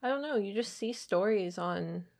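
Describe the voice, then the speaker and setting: Young woman with a gravelly, lively voice. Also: mid-range voice, moderate pace. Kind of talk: casual chat.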